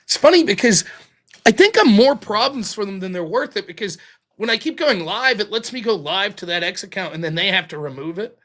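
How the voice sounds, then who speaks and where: A man's voice: high voice, expressive, a little fast, sharp tone. A man hosting a casual livestream, talking in a joking, profane, ranting way. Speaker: livestream host.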